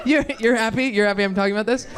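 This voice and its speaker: A woman's voice: a little high, steady tone, very fast, very noisy. A young woman performing a stand-up comedy set, rambling and self-deprecating, chatting with the crowd between bits.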